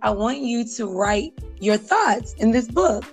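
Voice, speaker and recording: A woman voicing her sweet, gentle aunt from the American South, with a soft Southern drawl that never rises to anger. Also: a little high, expressive, a little slow, creaky, faint music behind. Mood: tender.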